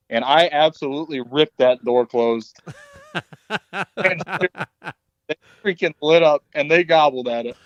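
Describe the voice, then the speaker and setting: A man in casual chat, telling a lively story and acting out the dialogue. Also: medium pitch, normal speed, no echo. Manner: animated storyteller, acts out dialogue. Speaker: podcast guest. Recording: dull lo-fi dry sound.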